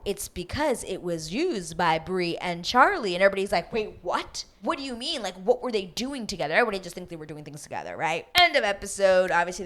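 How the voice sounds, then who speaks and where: A woman hosting a reality TV recap, chatting casually in a gossipy, animated way, swearing freely and acting out what the cast members said. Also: medium pitch. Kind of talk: casual chat.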